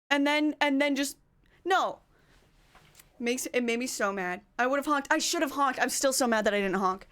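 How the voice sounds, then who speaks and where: A woman streamer chatting casually with her live viewers, telling a story in an animated way and climbing higher as she gets worked up.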